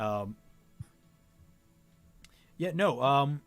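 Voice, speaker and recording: A man reads a novel aloud in a casual, animated way, his pitch swinging widely. His voice sits a little high for a man. He trips over words and corrects himself as he goes. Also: unhurried, soft background music. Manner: animated, stumbles and self-corrects while reading. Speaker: co-host reading a novel aloud. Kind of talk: casual read-aloud, voicing characters plainly.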